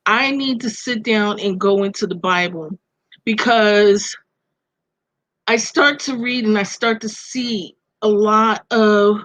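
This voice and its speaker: A woman's voice: medium pitch, fairly bright tone, dry recording, rough recording. A middle-aged woman with a Brooklyn accent, a podcast guest telling personal stories over a video call in an earnest, reflective way. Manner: earnest, reflective, speaks of faith and loss.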